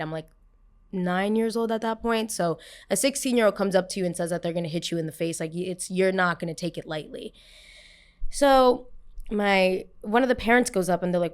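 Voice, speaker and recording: A young woman hosting a podcast, telling a story casually and acting out the people she quotes with a raised voice. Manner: animated, acts out quotes with raised pitch. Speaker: podcast host.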